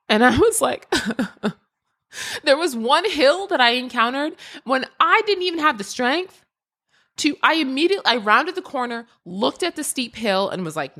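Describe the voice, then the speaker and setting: A woman hosting a solo podcast, telling a story in an animated way with laughter and big jumps in pitch. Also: unhurried. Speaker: podcast host and creativity mentor.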